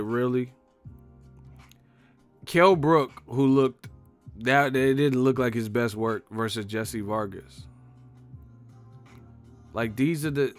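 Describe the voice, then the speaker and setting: A man hosting a live stream, riffing on chat with profane, laughing commentary. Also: mid-range voice.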